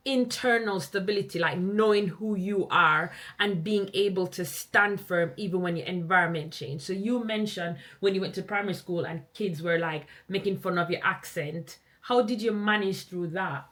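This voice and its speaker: Jamaican woman hosting a podcast chat, bright crisp voice, laughs a lot as she tells stories. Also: fairly low pitch, normal speed, hardly any pauses. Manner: warm storytelling, laughs often. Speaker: podcast host. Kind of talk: casual chat.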